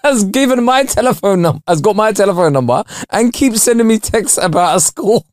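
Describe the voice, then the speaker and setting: Brief: young male co-host, high and animated, slangy and giggly, dry close mic. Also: a little fast, no room sound. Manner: laughs a lot, loose slangy storytelling. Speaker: podcast co-host. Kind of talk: casual chat.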